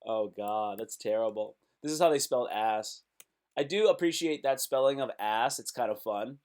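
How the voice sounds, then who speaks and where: A man's voice: mid-range voice, moderate pace, a little mellow. A man hosting a casual live stream, reacting aloud to web posts in a loose, slangy way.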